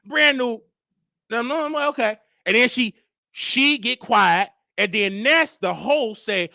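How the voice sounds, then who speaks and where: High-pitched man telling a story. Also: measured pace, gravelly, no room sound, studio quality. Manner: animated, acts out quoted exchanges. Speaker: host. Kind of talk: casual commentary storytelling.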